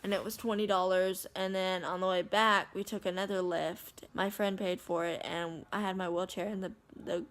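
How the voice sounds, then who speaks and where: A woman's voice: mid-range voice, flat delivery, normal speed, few pauses, a bit bright. A woman vlogger chatting casually to the camera, retelling what people said with lots of "like" and "I said.".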